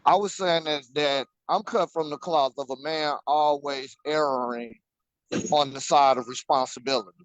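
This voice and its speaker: Man, fairly high voice, slightly dull lo-fi sound, emphatic casual talk. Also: steady tone, moderate pace, no room sound. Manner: emphatic, repeats words for stress. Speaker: podcast co-host. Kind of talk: casual conversation.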